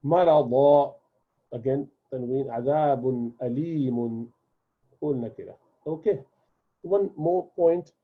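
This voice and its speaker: Husky-voiced man teaching, tinny phone-like sound. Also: a little high. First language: Urdu. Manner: patient, repeats and drills words slowly. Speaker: Arabic teacher. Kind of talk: classroom lesson explanation.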